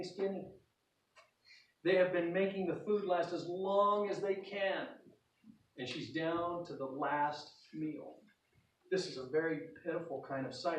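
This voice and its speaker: A man's voice: fairly high pitch, slight background noise. A pastor from North Idaho giving a sermon in a folksy storytelling way, acting out the scenes he describes. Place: church sanctuary. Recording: roomy hall, voice from a distance.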